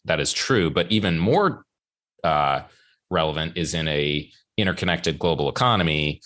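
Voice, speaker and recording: A man with a notably low voice hosts an economics podcast. He talks casually and rambles, restarting and reworking his sentences as he goes. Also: fairly bright tone. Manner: rambling, self-correcting, conversational. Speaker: podcast host.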